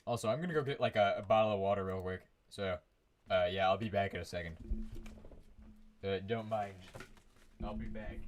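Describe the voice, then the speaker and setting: A man's voice: lowish voice, normal speed, long pauses, a little hiss or hum. A man giving casual live commentary on his game from his own room, rambling, humming to himself and restarting his sentences often. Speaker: streamer.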